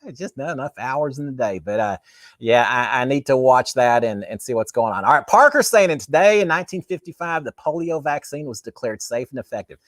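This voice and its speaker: A man's voice: medium pitch, expressive, fairly quick, a bit bright, no echo, clean studio sound. A man hosts a casual, chatty livestream. He talks with enthusiasm and plenty of fillers. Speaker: host.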